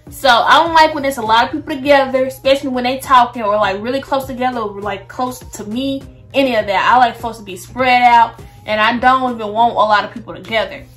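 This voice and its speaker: A woman's voice: a little high, steady tone, a little fast, a bit bright, faint music behind. A young woman, chatting casually to her viewers in a get-to-know-me vlog. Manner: chatty, addresses viewers as "y'all". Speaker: vlogger.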